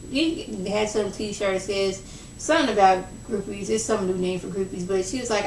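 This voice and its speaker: A young woman casually recapping a reality show episode, chatty and gossipy, acting out quoted lines in a lower voice. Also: normal speed, a little mellow, a little hiss or hum. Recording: echoey room, mic at a distance.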